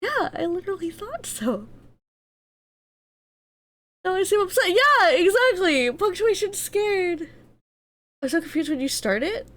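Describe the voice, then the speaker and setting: A woman streamer chats casually into a desk mic, her voice high and swooping all over the place. She tells loose stories, and she swears a lot. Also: big pitch swings, measured pace, long pauses, fairly bright tone, dry recording. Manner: loose storytelling with frequent swearing. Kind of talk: casual live-stream chat.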